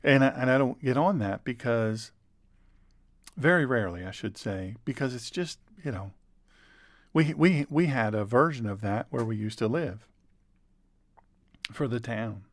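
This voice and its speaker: A man's voice: mid-range voice, lively intonation, measured pace, pauses often, no echo. Earnest preacher man, dry close sound. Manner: earnest, repeats words for emphasis. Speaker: pastor and show host. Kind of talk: conversational sermon.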